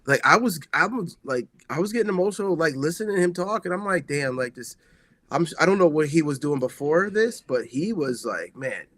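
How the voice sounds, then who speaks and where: A man co-hosting a wrestling podcast, chatting casually and excitedly, rambling with lots of filler words. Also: on the high side, brisk. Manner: excitable, rambling, heavy use of "like". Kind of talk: casual chat.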